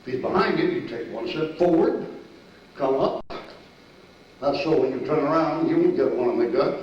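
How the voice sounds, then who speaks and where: An older man preaching a sermon, telling army stories in a folksy, animated way, with sudden shouts and laughs. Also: fairly high pitch, moderate pace, slight background noise. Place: church sanctuary. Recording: echoey distant church recording, dull and lo-fi.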